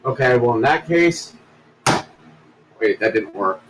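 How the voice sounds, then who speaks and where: A man's voice: medium pitch, expressive, a little slow. A man playing in a tabletop role-playing game, describing events in a plain, matter-of-fact way. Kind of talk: casual tabletop role-play narration. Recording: distant mic with faint background noise.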